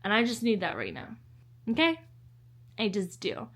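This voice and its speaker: A woman's voice: mid-range voice, huge pitch swings, moderate pace. A young woman with a slight lisp, chatting casually in her book vlog with anxious, self-interrupting energy. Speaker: book vlogger.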